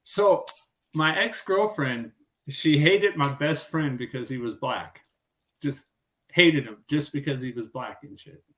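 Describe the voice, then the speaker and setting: A man's voice: a little high, fairly bright tone. A man in casual chat, swearing freely and laughing easily. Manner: slow, profane, laughs easily.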